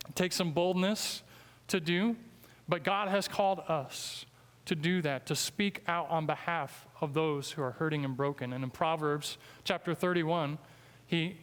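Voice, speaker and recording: A man's voice: on the high side, fairly bright tone, clean tone. Earnest Midwestern man preaching in a reverberant church. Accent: Midwestern American. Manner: earnest, emphatic, slows down for scripture. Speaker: guest preacher. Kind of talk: sermon. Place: church sanctuary.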